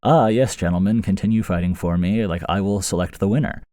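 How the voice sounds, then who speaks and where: A man's voice: low-pitched, a little fast, dark tone, no room sound, close to an everyday voice. A man voicing a flirty, confident female iguana in a spoken story, talking coyly and grandly. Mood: regal. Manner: coy, grandly playful. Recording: dry, close foam-lined booth.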